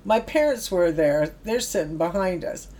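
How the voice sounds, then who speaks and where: A woman's voice: lowish voice, expressive, moderate pace, dark tone. A middle-aged woman, telling stories about her youth work in a chatty way, laughing now and then. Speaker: former youth project worker. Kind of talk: anecdotal storytelling.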